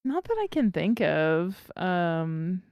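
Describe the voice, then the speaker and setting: A woman's voice: lowish voice, big pitch swings, takes it slowly, a little mellow, dry recording. A woman co-hosting a podcast in casual chat, laughing often and reacting briefly. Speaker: podcast co-host.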